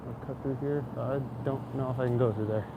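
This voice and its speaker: A man's voice: mid-range voice, steady tone, brisk, highs cut off. Chatty man streaming while walking outdoors. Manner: chatty, swears casually, laughs often. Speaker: livestreamer. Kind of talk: casual walking livestream chat. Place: city streets outdoors. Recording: faint city traffic noise outdoors.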